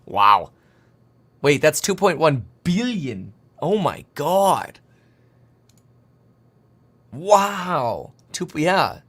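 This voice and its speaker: A man's voice: fairly high pitch, very animated, a bit bright, husky. A man in his thirties hosting a casual live stream about markets, rambling and joking as he clicks through charts. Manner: fast, rambling, jokey, talks to himself while clicking charts. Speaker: livestream host. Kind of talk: casual market commentary livestream.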